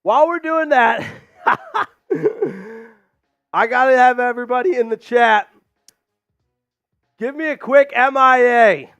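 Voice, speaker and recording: Winded, high-voiced man hyping a live stream. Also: unhurried, long pauses, clear, resonant tone, no echo, soft background music. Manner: hyped, shouting out chat names. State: out of breath. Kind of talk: energetic live stream chat. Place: studio.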